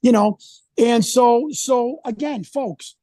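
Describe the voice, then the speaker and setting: A man's voice: very high voice, takes it slowly, warm tone, dry recording. A man talking as an interview guest, rambling and indignant as he tells his story. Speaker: independent researcher, guest. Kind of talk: casual interview conversation.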